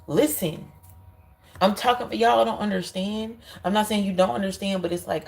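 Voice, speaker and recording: A woman's voice: mid-range voice, a little mellow, poor audio. A woman giving an intuitive card reading, speaking emphatically and straight to her viewers, often repeating herself. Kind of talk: spiritual card reading monologue.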